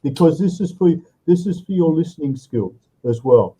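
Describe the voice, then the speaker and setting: A man's voice: fairly high pitch, lively intonation, normal speed, warm tone, husky, rough recording. A male English tutor in an online lesson, explaining patiently and checking in with "okay?" after each point. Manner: patient, tags sentences with "okay?" and "all right?". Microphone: video call.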